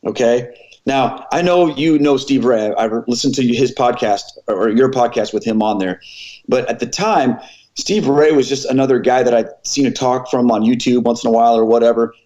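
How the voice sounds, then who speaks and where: A man's voice: medium pitch, normal speed, dull audio. Earnest former pastor telling his story. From American Midwest. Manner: earnest, animated retelling with quoted dialogue. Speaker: former pastor, podcast guest. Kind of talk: storytelling in a conversational interview.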